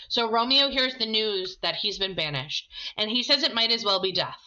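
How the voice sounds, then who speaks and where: A woman's voice: mid-range voice, big pitch swings, normal speed, hardly any pauses, pushed and bright, muffled recording. A woman casually explaining a play between passages she reads aloud, like a teacher. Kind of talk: reading a play aloud with plain-speech summaries.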